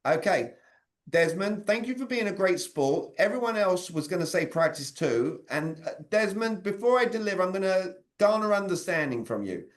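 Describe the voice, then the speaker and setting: A man, leading an interactive sales communication training over a video call and quizzing his audience. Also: high voice. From Britain. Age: 40s. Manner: energetic, quizzes the audience with quick questions.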